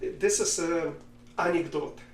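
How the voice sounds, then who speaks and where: A man co-hosting a podcast, talking politics casually in a halting way and telling jokes. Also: fairly high pitch, roomy sound, slight background noise. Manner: halting, with many fillers and restarts, telling jokes. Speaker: podcast co-host.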